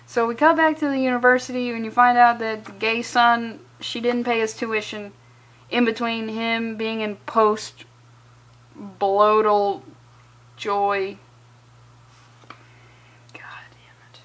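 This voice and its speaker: A woman's voice: on the high side, little pitch movement, takes it slowly, long pauses, a bit bright. A young adult woman reviewing a comic in a sarcastic, profane, exasperated rant. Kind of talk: sarcastic ranting commentary.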